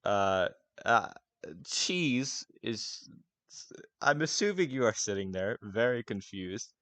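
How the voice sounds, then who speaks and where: A man's voice: on the low side, expressive, takes it slowly, fairly bright tone, no echo. A young man narrating as game master in a loose, laughing, casual way. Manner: casual, laughing, lots of fillers and swearing.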